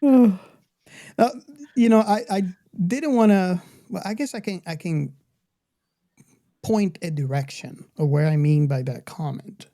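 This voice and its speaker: A man's voice: high-pitched, unhurried, long pauses, warm tone, dry recording, clean studio sound. A man in casual podcast chat, speaking hesitantly with many fillers. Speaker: podcast co-host.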